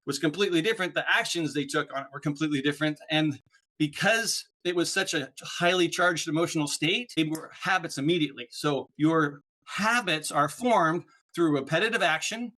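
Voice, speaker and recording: Male podcast guest, animated explainer, bright and slightly high voice. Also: fairly quick. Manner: animated, explanatory, peppers talk with "right?". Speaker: podcast guest, speaker on neuroplasticity. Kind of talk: casual interview chat.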